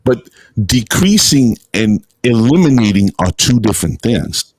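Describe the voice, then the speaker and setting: A man's voice: on the low side, a little slow, dry recording. A middle-aged man hosts a casual call-in chat, telling stories with laughs and swearing freely. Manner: animated storytelling, laughs often, swears freely. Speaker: show host.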